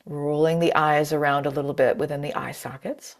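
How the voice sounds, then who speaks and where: A woman leading a chair yoga class over a video call, calm and encouraging as she cues breaths and movements. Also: deep voice, a little fast. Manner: calm, encouraging, greets participants by name. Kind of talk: guided yoga class instruction.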